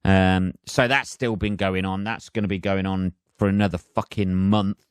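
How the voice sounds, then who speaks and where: A man's voice: deep voice, steady tone, normal speed, smooth, dry recording, studio quality. A man hosting a solo podcast, rambling and self-mocking with lots of swearing. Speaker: podcast host.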